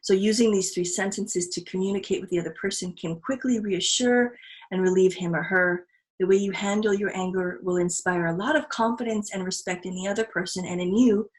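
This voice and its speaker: A woman's voice: mid-range voice, fairly even intonation, fairly quick, poor audio. A woman hosting a podcast, talking in an earnest, reflective way that is full of restarts. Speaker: podcast host. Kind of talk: casual podcast conversation.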